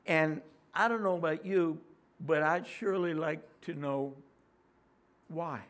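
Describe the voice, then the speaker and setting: A middle-aged man with a raspy voice preaching a sermon as pastor, in a conversational way that asks the congregation questions. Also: a little high, unhurried, a bit bright.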